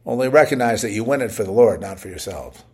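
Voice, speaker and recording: A man's voice: on the low side, lively intonation, fast, a little mellow, husky. A man giving a short, blunt devotional message while short of breath and on oxygen as he recovers. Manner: blunt and plain-spoken, with rising bursts of exhortation.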